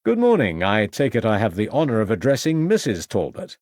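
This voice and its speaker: A man's voice: fairly low pitch, huge pitch swings, a little fast, a little mellow, no echo, studio quality. Man playing a courteous, formal police inspector. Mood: polite. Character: polite, calculating male police inspector.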